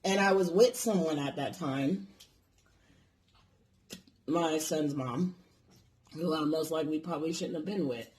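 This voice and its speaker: A man's voice: on the high side, unhurried, pauses often, a little mellow, a little hiss or hum. A man casually telling a personal story on his vlog, rambling and swearing freely. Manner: rambling, profane, lots of fillers.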